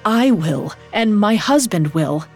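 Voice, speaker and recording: A woman voicing a grieving mother who speaks in a soft, pleading voice. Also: mid-range voice, animated, takes it slowly, faint music behind.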